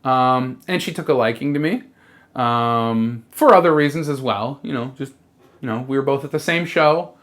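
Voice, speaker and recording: A trans person with a mid-range, somewhat bright voice delivers a rambling comedic monologue. It's halting and sincere, full of fillers and restarts, and they swear freely.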